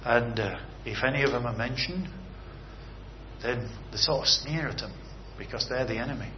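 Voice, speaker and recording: A man's voice: medium pitch, normal speed. A man preaching an earnest sermon that moves into a closing prayer, stressing his points with rhetorical questions. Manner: earnest, rising and falling emphasis with rhetorical questions. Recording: slightly dull recording with faint background hiss.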